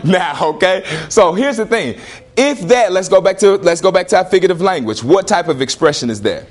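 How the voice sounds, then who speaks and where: A man teaching a classroom lesson, questioning students and repeating prompts in an animated way. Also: sits high, fairly quick.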